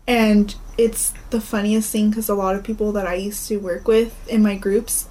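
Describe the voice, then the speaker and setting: A woman's voice: mid-range voice, little pitch movement, normal speed, mellow, low-quality recording. A woman co-hosting a podcast in casual chat, laughing often and acting out the people she quotes. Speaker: podcast co-host.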